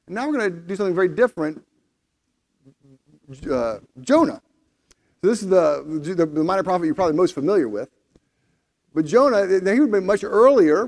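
A man's voice: on the high side, darkish tone. A man leading a Bible study, explaining the text conversationally before reading scripture aloud.

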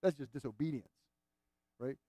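A man's voice: medium pitch, normal speed, warm tone, dry recording, clean studio sound. A man preaching a sermon in an earnest, emphatic way, repeating phrases to drive points home.

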